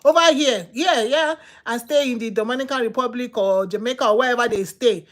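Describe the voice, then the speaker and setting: Speaking a little fast in a fairly high voice, a Nigerian-accented woman hosting a channel offers advice. She is casual yet forceful and preachy, restating her points again and again for emphasis.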